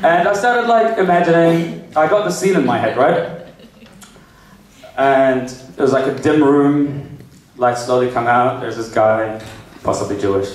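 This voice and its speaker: A man doing stand-up comedy in a club, his voice lively and swooping as he tells jokes and acts out people. He is picked up from a distance, with a strong echo from the room and a crowd laughing loudly behind him. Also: medium pitch, a little slow. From New Zealand. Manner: animated, switches into exaggerated character voices for jokes. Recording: echoey club recording from far off.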